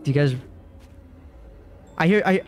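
This young streamer's voice is on the high side, unhurried, with lively intonation as he chats casually with viewers during a game. He rambles and startles easily, repeating himself when scared. He's on a dry close mic with faint game music.

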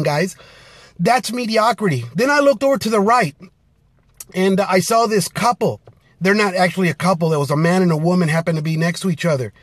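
Middle-aged man, out of breath, fairly high voice, dry close sound, blunt fired-up live-stream rant, phone mic in car. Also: no echo. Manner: energetic, fired-up, blunt, with many fillers. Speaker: motivational business speaker. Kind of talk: casual live-stream talk. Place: in his car after the gym.

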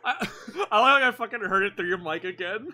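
A man's voice: high-pitched, animated, a little fast, bright, forceful tone. A man joining a stream over a voice call, swearing casually and laughing between jokes. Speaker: stream guest. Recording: noisy voice-call mic with clicks.

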